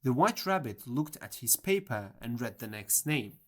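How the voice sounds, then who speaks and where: A narrator reading a children's storybook audiobook in a plain, measured way. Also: medium pitch, sing-song, fairly bright tone.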